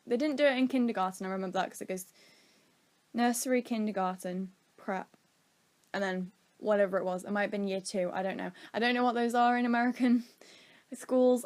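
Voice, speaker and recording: A woman's voice: mid-range voice, a little mellow. Young british woman, chatty rambling storyteller, casual vlog. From Britain. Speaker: vlogger.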